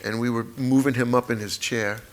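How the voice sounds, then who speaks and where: A man in his sixties, a memoir author, telling a personal story at a live talk event, halting, repetitive and openly emotional. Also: mid-range voice, steady tone. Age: 60s.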